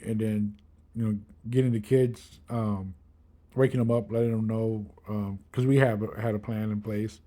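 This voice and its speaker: A man's voice: medium pitch, warm tone. A man in his thirties casually telling a personal story, rambling with many fillers and acting out what others said. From Milwaukee area. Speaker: kidney transplant patient.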